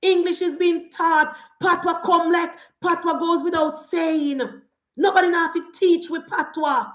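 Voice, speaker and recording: A woman's voice: extremely high pitch, steady tone, unhurried, reverberant. A Jamaican woman giving an emphatic political rant in patois-laced speech, repeating rhetorical refrains. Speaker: political commentator.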